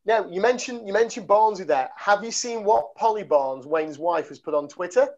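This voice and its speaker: A man's voice: sits high, expressive, normal speed. A man hosting a casual podcast chat, rambling and laughing through a story. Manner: rambling, full of fillers and laughter. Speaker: podcast host. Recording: dull lo-fi podcast audio.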